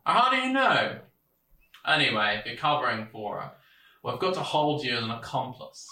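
A smug, folksy small-town sheriff, played by a man speaks in a piercingly bright, sharp-edged voice. He is patronizing and sing-song, ending his lines with little tag questions. The voice sits in a roomy, echoing space. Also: mid-range voice, very animated, moderate pace. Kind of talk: audio drama acting.

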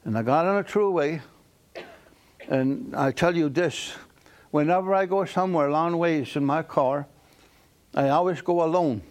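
A man from a Mohawk community tells stories in a loose, halting way, full of pauses and fillers. His voice sits a little high. He chuckles at his own punchlines. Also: darkish tone. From Akwesasne Mohawk community. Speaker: storyteller. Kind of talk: casual spoken storytelling.

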